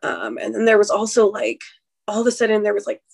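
A woman's voice: medium pitch, flat delivery, fast, creaky, a little mellow, husky. Young woman guest, rambling personal account, emotional, many fillers and restarts. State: emotional, recounting trauma. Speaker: guest sharing a birth story. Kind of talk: personal storytelling in an interview.

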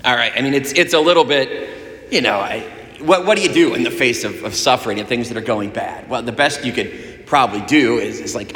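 Man, casual sermon, animated, middle pitch, echoing hall with long reverb. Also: fairly quick. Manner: casual and animated, with frequent restarts. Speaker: preacher. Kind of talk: conversational sermon. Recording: echoey room with long reverb.

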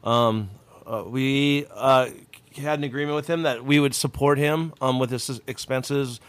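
A man co-hosting a casual motocross podcast, talking bluntly and getting loud when riled. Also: medium pitch, unhurried, clean tone, no room sound. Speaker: podcast co-host. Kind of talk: casual chat.

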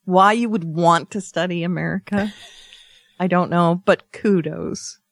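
A woman's voice: fairly low pitch, steady tone, slow pace, creaky, dry recording. A woman co-hosting a podcast in casual chat, wry and agreeable, often saying that's right. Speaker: podcast co-host.

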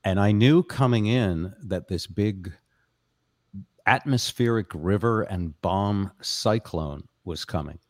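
A man's voice: fairly low pitch, slow, no room sound, clean studio sound. An older man hosting a casual live-stream chat show, talking in a rambling, jokey, self-deprecating way. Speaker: show host.

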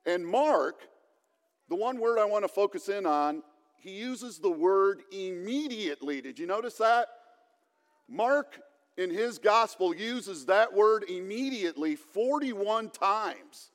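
High-voiced slow-preaching male pastor. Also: lively intonation, long reverb tail. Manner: plain conversational preaching with light humor. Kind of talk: sermon.

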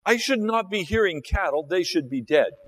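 A man's voice: high-pitched, expressive, normal speed, a bit bright, pitched above the performer's own voice. A man voicing a stern older prophet who rebukes a king with indignant questions. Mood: accusing.

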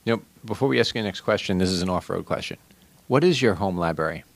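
Low gravelly male co-host. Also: lively intonation, fast talker. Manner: teasing, asks the questions. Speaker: podcast co-host. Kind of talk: casual banter.

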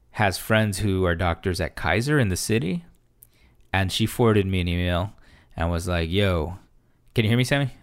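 A man in casual conversation, rambling with lots of fillers and restarts, swearing freely. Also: low-pitched. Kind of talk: casual chat.

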